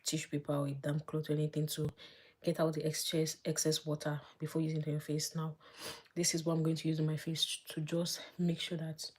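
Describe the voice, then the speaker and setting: Woman vlogger, low voice, husky, chatty live makeup tutorial with soft asides. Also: completely flat delivery, brisk. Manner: chatty, thinks aloud, drops to soft murmurs while applying makeup. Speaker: beauty vlogger.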